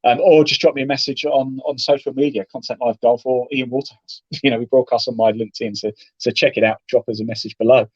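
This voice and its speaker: Fast-talking golf broadcaster. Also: male voice, mid-range voice, dry recording, lo-fi sound. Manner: chatty, animated storytelling with acted-out quotes. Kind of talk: casual interview talk.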